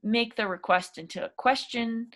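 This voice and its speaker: A woman's voice: fairly high pitch, moderate pace, fairly bright tone. A young woman teaching a casual English speaking lesson, chatty and encouraging, with plenty of fillers.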